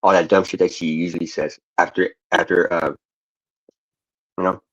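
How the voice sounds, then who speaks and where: A man's voice: low voice, flat delivery, moderate pace, fairly bright tone, slightly rough, no echo. A man chatting casually as co-host, blunt and swearing, heard in a dull, muffled recording. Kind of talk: casual chat.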